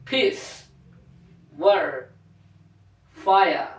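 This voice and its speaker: A man co-hosts a casual talk show, cheerful and quick with praise. His voice sits a touch high. He is heard from some way off in an echoey room. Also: expressive. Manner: upbeat, quick to praise and laugh. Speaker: co-host. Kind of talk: casual chat. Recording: roomy studio from a distance.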